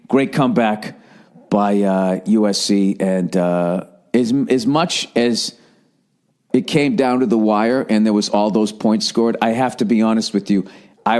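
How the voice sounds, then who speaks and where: A man's voice: medium pitch, a little mellow. A middle-aged man hosting a podcast, telling stories in a casual, profane, rambling monologue with acted-out quotes. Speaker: podcast host.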